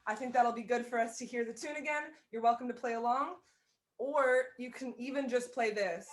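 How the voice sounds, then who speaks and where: A woman with a somewhat high voice gives a brisk, chatty fiddle lesson over a video call. She keeps restarting sentences and putting things another way as she explains.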